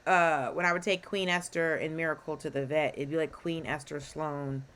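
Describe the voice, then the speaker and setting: A woman's voice: low-pitched, fairly even intonation, moderate pace, fairly bright tone. A woman co-hosting a podcast in casual chat, telling stories with playful asides. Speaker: podcast co-host. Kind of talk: casual chat recapping a drama.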